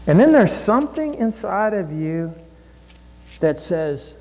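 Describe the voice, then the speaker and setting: Impassioned pastor preaching in a reverberant hall. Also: male voice, high voice, sing-song, normal speed, warm tone. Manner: impassioned, acts out inner voices, repeats phrases. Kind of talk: sermon. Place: church sanctuary.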